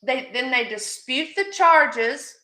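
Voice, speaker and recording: A woman's voice: sits high, slow, pushed and bright, echoey room. A woman hosting a live jewelry sale stream, chatty and affectionate with her viewers, calling them sweetie. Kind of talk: live-stream selling chat.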